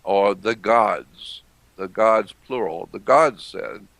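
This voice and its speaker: A man giving a deliberate explanatory lecture, repeating phrases and clearing his throat often. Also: fairly low pitch, a bit bright, dry recording.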